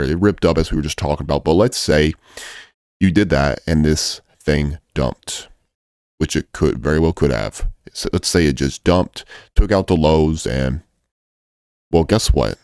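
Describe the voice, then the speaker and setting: A man's voice: a bass voice, darkish tone, smooth, no room sound, clean studio sound. A man coaching traders in a casual video, blunt and profane, hammering his points home by repeating them. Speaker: trading coach. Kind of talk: casual trading advice video.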